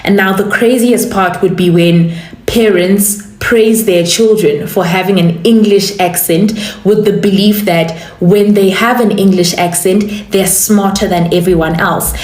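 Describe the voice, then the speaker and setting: A woman giving emphatic commentary, stressing words slowly. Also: medium pitch, steady tone, darkish tone. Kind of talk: casual commentary. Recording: echoey room.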